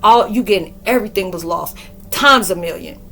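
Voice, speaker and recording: A woman in her forties giving a rambling, slangy spiritual monologue and acting out quoted dialogue in a lively way. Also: mid-range voice, brisk, a little hiss or hum. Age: 40s. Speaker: spiritual podcaster and reader.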